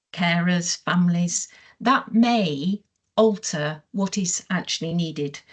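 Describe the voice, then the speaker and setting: A woman on a panel at an online event, speaking in a measured way with frequent fillers. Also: medium pitch.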